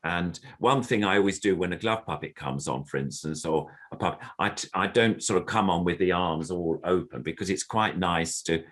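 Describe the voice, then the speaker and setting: With a low, slightly bright voice, an older puppeteer explains his work at normal speed with few pauses. The interview happens over a video call, and he occasionally demonstrates tiny puppet voices.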